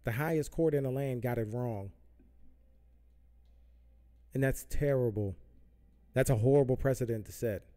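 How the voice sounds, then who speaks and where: A man's voice: mid-range voice, normal speed, long pauses, mellow. A man hosting a podcast, ranting heatedly about politics with lots of profanity and repetition. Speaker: podcast host. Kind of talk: political rant. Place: Southern California.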